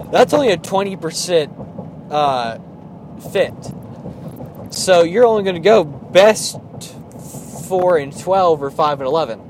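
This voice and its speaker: Brief: young male host, a bit high-pitched, casual joking sports banter, faint background noise. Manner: joking, chatty, animated rants. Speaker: podcast host.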